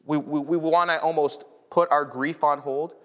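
A slightly higher-voiced male pastor from North America delivers a sermon in a relaxed, conversational way. He stumbles over repeated words as he gets into a thought. When he retells a story, his voice climbs sharply and gathers energy. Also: moderate pace.

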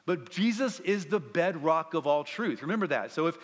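A man preaching a sermon to a student gathering in an energetic, conversational way that rallies the crowd. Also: fairly high pitch, moderate pace. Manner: energetic, conversational, rallying the audience. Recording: long reverb in a large hall.

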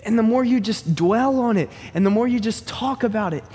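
A man preaching a sermon as pastor, in an animated, joking, conversational way. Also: high-pitched, brisk, slightly rough, big-room sound.

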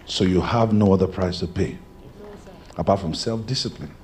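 A male pastor, preaching a sermon and moving between shouted lines and hushed ones. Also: deep voice, moderate pace, crowd noise. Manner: preaching with big swings from shouts to near-whispers.

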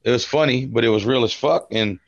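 In lo-fi audio with no echo, a man co-hosting a podcast tells stories in relaxed chat, often swearing and repeatedly saying "bro." His mid-range voice runs a bit fast and carries vocal fry.

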